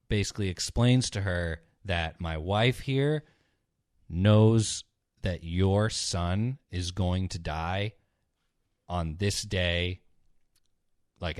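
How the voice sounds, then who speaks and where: A man's voice: takes it slowly, long pauses, no echo, studio quality. A young man chatting casually on a podcast, retelling stories in a rambling way, swearing often and acting out the characters. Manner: rambling, swears a lot, acts out characters in a low mutter. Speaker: podcast co-host.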